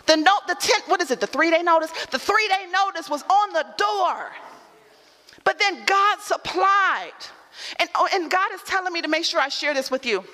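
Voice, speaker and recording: High, bright-voiced woman preaching in a reverberant hall. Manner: preaching with rising calls and repeated lines, then dropping into storytelling. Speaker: pastor. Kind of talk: sermon.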